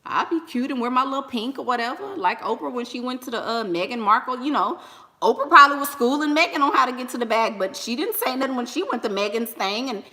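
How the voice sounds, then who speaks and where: A woman's voice: fairly high pitch, expressive, quick pace, pushed and bright. A woman, chatting casually and animatedly to viewers, slangy and laughing often. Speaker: online business coach and vlogger.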